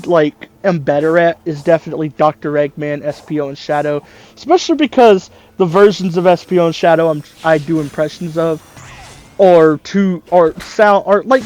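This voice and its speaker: Male gaming host, slightly high voice, rambling and self-correcting, faint music behind. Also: a little mellow. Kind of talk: casual chat about voice impressions.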